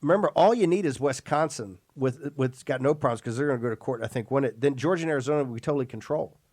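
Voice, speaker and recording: A man's voice: medium pitch, quick pace, a little mellow, dry recording. A man hosting a political talk radio show, emphatic and rambling, often repeating and restarting words.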